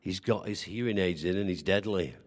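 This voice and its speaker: A pastor with a low voice preaches a little fast, chatting with his congregation and asking them questions. His stories are humorous and self-deprecating, and the recording has a long hall reverb.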